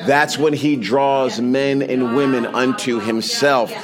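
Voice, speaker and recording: A man's voice: mid-range voice, steady tone, slow. Male pastor preaching to a crowd. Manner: conversational, builds to emphatic preaching. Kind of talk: sermon. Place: large hall with a congregation. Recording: crowd audible in a large hall. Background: congregation responding.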